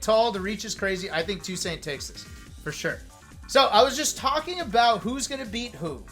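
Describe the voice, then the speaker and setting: A man in his thirties, a streamer, casually telling a story to his chat, animated and joking, acting out what others said. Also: high-pitched. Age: 30s. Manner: animated, joking, acts out quoted lines.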